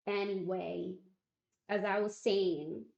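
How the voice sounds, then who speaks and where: A woman streamer chats casually in a rambling, self-deprecating, wry way, and the stream audio sounds roomy and muffled. Her mid-range voice is slow, creaky and darkish, with fairly even intonation.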